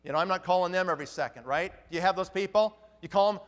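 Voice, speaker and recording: A man's voice: high voice, fast, big-room sound. A man giving an emphatic motivational talk at a conference, firing off rhetorical questions. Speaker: motivational speaker.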